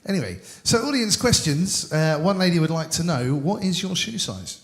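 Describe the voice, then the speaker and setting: Teasing host on stage. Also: male voice, fairly high pitch, lively intonation, normal speed. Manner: teasing, pressing with questions. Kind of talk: live interview hosting. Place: live venue with audience.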